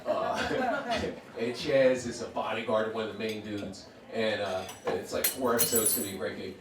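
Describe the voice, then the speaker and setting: A man's voice: fairly low pitch, lively intonation, moderate pace, distant mic, background noise. A man doing stand-up, telling a rambling, profane story full of "uh"s to a live club audience. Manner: profane, rambling, filler-heavy with many "uh"s. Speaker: stand-up comedian. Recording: roomy club sound, audience laughter.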